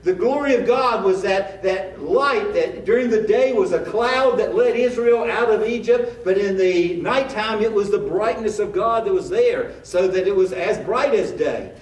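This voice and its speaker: A man's voice: sits high, normal speed, hardly any pauses. A man preaching a sermon as a pastor, in a conversational style with rhetorical questions. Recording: echoey room, mic at a distance.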